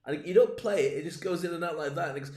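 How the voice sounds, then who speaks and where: A man's voice: fairly high pitch, rapid-fire, darkish tone, echoey room. A man hosting a casual comedic talk to camera, rambling and digressive, acting out gestures as he goes. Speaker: host. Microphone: streamed from home, camera.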